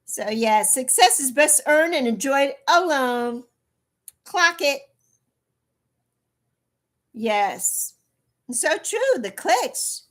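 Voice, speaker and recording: A woman's voice: high-pitched, very animated, very slow, long pauses, fairly bright tone. A woman in her early sixties chatting bluntly on a livestream, repeating herself for emphasis and answering her chat. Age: 60s. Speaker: livestream host.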